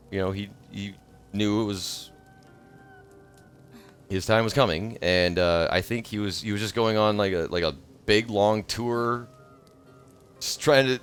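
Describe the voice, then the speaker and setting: A man in his thirties chatting casually on a livestream, rambling from thought to thought and bursting into excited shouts. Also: fairly low pitch. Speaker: streamer.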